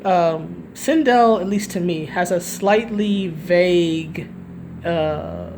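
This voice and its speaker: A woman's voice: fairly low pitch, sing-song, slow pace, background noise. A woman giving casual opinion commentary for a gaming video, rambling, restarting her sentences and tagging them with "right?". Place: at home, recorded live.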